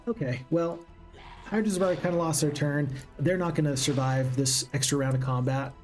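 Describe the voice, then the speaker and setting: A man's voice: a little high, normal speed, a little mellow, faint music behind. A man giving casual commentary while playing a strategy game, thinking aloud and asking himself questions as he goes. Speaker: let's play gamer.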